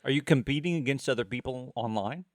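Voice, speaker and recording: A man's voice: medium pitch, no room sound, studio quality. A man co-hosting a podcast in casual chat, jokey and teasing. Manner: jokey, playful, quick to tease. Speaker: podcast co-host.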